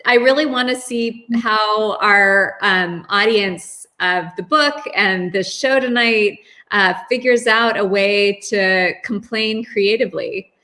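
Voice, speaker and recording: Unhurried woman host on a livestream. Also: mid-range voice, bright, forceful tone. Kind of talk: casual livestream interview. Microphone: video call.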